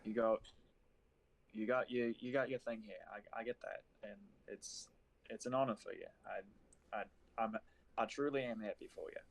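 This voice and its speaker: Halting, gravelly man. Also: fairly low pitch. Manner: halting, heartfelt. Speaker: player.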